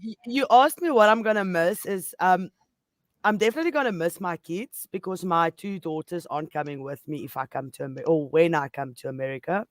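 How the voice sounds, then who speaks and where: A woman's voice: on the low side, brisk, no echo. A woman from South Africa with a South African accent, hosting a casual podcast conversation and speaking in an emotional way that breaks easily into laughter.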